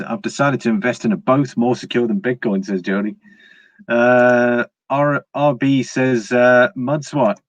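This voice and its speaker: A mid-range male voice with no echo belongs to a British streamer who reads out what viewers write and meanders through his views. He rambles with frequent "uh"s, fillers and restarts, and the sound is dry, slightly dull and lo-fi.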